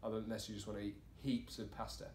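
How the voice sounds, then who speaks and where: A man's voice: lowish voice, level tone, fast talker, darkish tone. A man in his twenties co-hosting a podcast, joking around playfully in casual banter. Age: 20s. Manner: playful, jumps into silly bits and banter. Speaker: podcast co-host. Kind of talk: casual comedic chat. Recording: roomy echo with faint noise.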